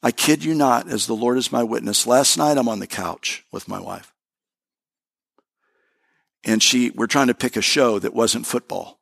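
A gravelly, middle-aged male pastor preaches with lively energy, doubling back on his words and calling out to the congregation. His pitch sits in a middling range for a man, and he leans into each point. He shifts between spoken exhortation and prayer in the same rough voice. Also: unhurried, long pauses. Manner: animated preaching with repeated phrases and asides to the congregation. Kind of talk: sermon.

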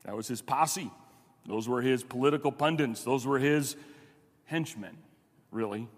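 A man preaching a sermon in a conversational, animated way, asking rhetorical questions. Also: mid-range voice, a little slow. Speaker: pastor. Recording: long hall reverb.

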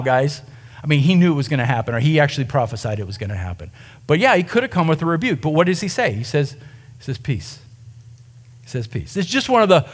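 A male pastor with a high voice preaches in a lively, conversational way. He often turns to the listeners with questions as he speaks. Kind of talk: sermon.

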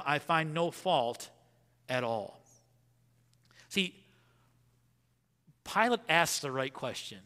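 A man preaching a sermon in a church sanctuary, his high, bright voice ringing through a long reverb. He swings from loud, animated emphasis to hushed asides. He reads scripture slowly and with weight. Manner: reads scripture in a slow, measured voice. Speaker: pastor.

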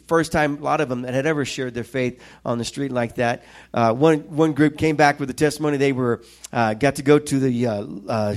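A middle-aged man preaching a sermon, telling stories with lively quoted voices. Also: medium pitch. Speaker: pastor.

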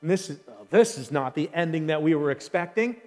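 High-voiced preacher in an echoing hall. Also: male voice, animated, brisk, darkish tone. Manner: emphatic, repeats key phrases, asks the audience questions. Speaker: pastor. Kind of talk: sermon. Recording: long hall reverb.

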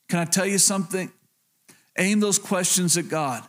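Higher-voiced man preaching a sermon. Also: normal speed, fairly bright tone. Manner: direct, repeats key phrases, asks "can I tell you". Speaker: pastor.

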